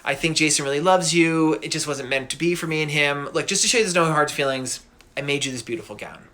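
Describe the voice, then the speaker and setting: A scorned, vengeful sorceress, as a male storyteller puts her on, her voice bright and sharp. She speaks with a wounded, bitter edge, hiding it under feigned sweetness. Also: fairly high pitch, fast. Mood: falsely sweet. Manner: wounded, pleading then falsely gracious.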